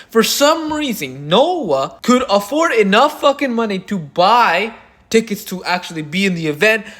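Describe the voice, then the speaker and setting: Profane, animated man ranting. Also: high voice. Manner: angry, profane ranting with mocking quoted voices. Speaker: commentary channel host. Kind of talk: drama commentary, reading screenshots aloud.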